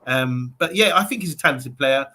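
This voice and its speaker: A man's voice: medium pitch, expressive, fairly quick, pushed and bright. A man hosting a casual football podcast, hesitant with many fillers as he asks his guests questions. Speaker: podcast host.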